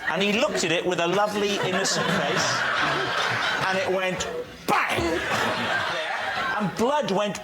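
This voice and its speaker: A man hosting a comedy panel show, telling a story in a playful, drawn-out way. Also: sits high, very noisy. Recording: loud studio audience laughter. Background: studio audience.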